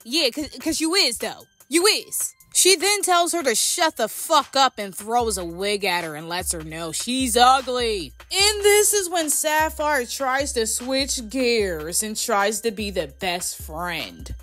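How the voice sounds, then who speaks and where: A woman giving a casual, animated and profane recap of a reality show, full of opinions. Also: fairly high pitch, slow, hardly any pauses, soft background music. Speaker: reality TV commentator.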